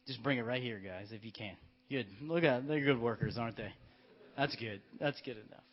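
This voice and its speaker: A male pastor preaching a sermon, telling the story in a lively way and directing children in a skit. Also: mid-range voice, fairly quick. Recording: dull lo-fi church recording.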